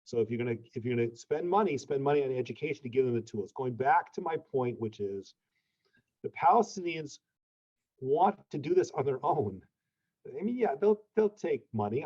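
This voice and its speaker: A man's voice: mid-range voice, a little mellow, highs cut off. A man speaking as an ambassador guest in a webinar, blunt and informal, restarting sentences and tagging them with "okay?". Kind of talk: candid webinar conversation.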